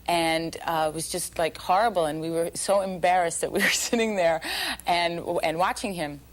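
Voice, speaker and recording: A woman's voice: fairly low pitch, fairly even intonation, normal speed. A woman reminiscing in an interview, chatty and laughing as she tells her story.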